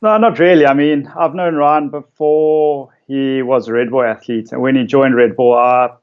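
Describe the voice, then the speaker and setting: A man, a photographer casually telling stories about his shoots in a relaxed way, with lots of fillers. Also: mid-range voice, normal speed, smooth, highs cut off. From South Africa. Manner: relaxed storytelling with many fillers. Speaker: interviewed photographer. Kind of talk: casual conversation.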